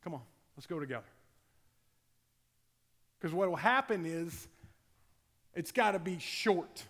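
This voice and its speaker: High-voiced energetic male coach. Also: unhurried. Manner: energetic, acts out players' voices, bursts of shouting. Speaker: football strength coach. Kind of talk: conference presentation. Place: large conference hall. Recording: long hall reverb.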